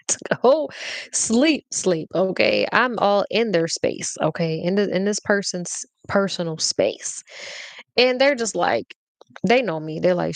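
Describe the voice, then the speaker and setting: Animated woman podcast host spilling a story. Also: on the low side, no echo. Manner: animated, slangy, keeps checking in with listeners. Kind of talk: casual confessional storytelling.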